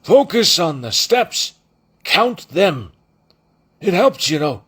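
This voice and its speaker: A man voicing a weary male bridge runner who gives quiet advice in a hollow, muffled voice. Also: fairly high pitch, expressive, takes it slowly, husky, voice pushed up, exaggerated voice. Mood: advising.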